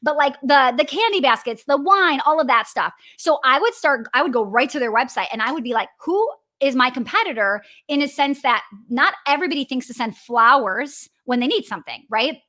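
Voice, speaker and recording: A woman with a Wisconsin accent coaches business owners live, chatty and upbeat, with a high voice. She tosses in "right?" and "okay?" as she goes. Her tone is bright and forceful. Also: animated, a little fast, hardly any pauses. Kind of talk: live coaching session answering viewers.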